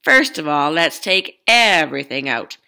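A woman voicing a brisk, tidy old grandma in a storybook, firm and cheery. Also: sits low, big pitch swings, vocal fry, pushed and bright, full character voice.

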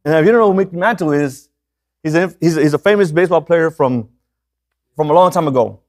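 A man's voice: on the high side, fairly quick, darkish tone. A man preaching a sermon as a pastor in a conversational way, often checking in with his listeners.

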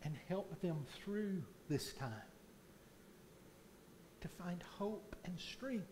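A man delivers a sermon in a church, taking his time over each phrase and rising to loud, fervent peaks when he drives a point home. His voice sits fairly high for a man, with a faint background hiss behind it. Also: expressive. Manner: slow deliberate preaching, swelling loud on key points. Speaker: pastor. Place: church sanctuary.

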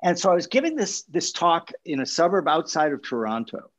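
A man's voice: fairly high pitch, sing-song, fairly quick. A man from Minnesota hosting a podcast, chatting casually and rambling through restarts. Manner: warm, rambling, lots of restarts and fillers. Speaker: podcast host. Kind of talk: casual interview chat. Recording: dull lo-fi sound.

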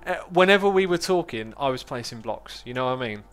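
A man's voice: mid-range voice, expressive, quick pace, a bit bright, smooth. Chatty man co-hosting a stream. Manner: chatty, playful. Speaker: co-host streamer. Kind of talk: casual livestream chat.

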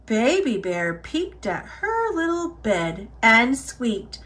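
A woman reading a children's picture book aloud, expressive and unhurried. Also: a little high, very noisy. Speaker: storyteller.

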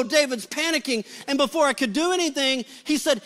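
A middle-aged male pastor telling a funny story in a sermon, acting out the quotes with lively energy. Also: very high-pitched, quick pace, hardly any pauses. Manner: animated, comic retelling with acted-out quotes.

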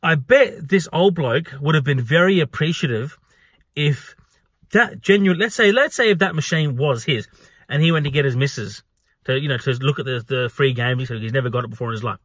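This man, a venue staff worker, speaks a little fast in a voice on the high side, with no room sound. Animated and profane, he acts out a confrontation from work while telling the story casually.

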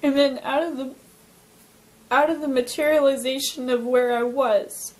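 A young woman from Alaska recounting a personal near-death experience, talking in an emotional, halting way with many fillers and restarts. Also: sits high, steady tone, rough recording. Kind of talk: personal testimony, casual storytelling.

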